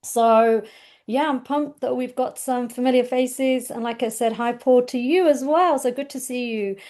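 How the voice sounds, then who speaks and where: A woman's voice: a little high, moderate pace, a little mellow. A woman hosting an online group session over a video call, upbeat and welcoming, chatting with fillers. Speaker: host.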